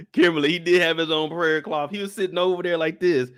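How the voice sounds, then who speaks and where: A man's voice: a little high, clear, resonant tone. A young man, hosting a casual live show recap and acting out the characters as he talks. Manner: animated storytelling, acts out characters in quick voice switches.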